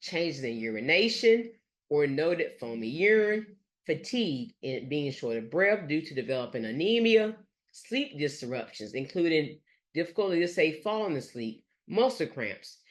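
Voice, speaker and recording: Halting lecturer full of fillers. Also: medium pitch, very animated. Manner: halting, with frequent fillers like "let's say" and "gonna". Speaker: nurse educator. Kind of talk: recorded lecture over slides.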